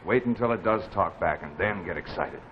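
A man's voice: low voice, animated, a little fast. An actor playing a breezy, reassuring young man who brushes off worries, in a live 1950s TV drama. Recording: dull 1950s TV audio with faint noise.

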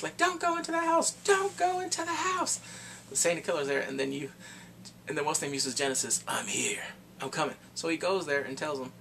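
An excitable man with a slightly high, swooping voice retells a TV episode in a casual recap. He jumps into the characters' lines with put-on voices and breaks into laughter along the way. A faint hum sits under his voice. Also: creaky. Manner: laughs often mid-sentence. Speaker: TV show reviewer.

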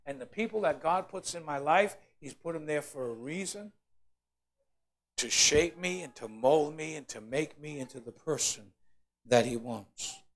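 A pastor preaching a sermon in church, swinging between quiet, low passages and loud, climbing emphasis as he acts out complaining voices. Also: lively intonation, unhurried. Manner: preaching with rising shouted emphasis, acting out complainers. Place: church sanctuary.

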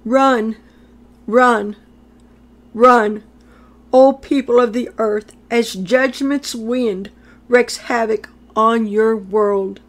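A woman's voice: fairly high pitch, steady tone, extremely slow. A woman delivering a prophetic message in a solemn, declamatory way, repeating phrases for emphasis. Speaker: prophetic speaker.

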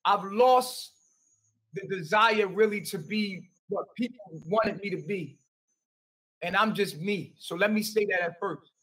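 High, bright man talking from afar. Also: a little slow, husky, recorded from a distance, rough recording. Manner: rambling, repeats himself, defensive. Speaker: interview guest. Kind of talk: defensive conversation on a call.

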